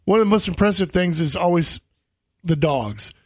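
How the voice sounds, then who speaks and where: A man's voice: high voice, moderate pace, no echo. A man hosting a casual outdoors radio show in a studio, telling stories and acting them out. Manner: animated storyteller, acts out dog voices.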